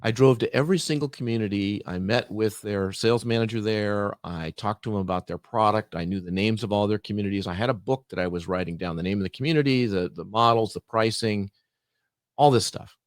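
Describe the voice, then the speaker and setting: A middle-aged man with a lowish voice talks a little fast as he tells a podcast audience about something from work. The guest keeps it casual and animated, acting out both sides of the dialogue. Clean studio sound, no echo.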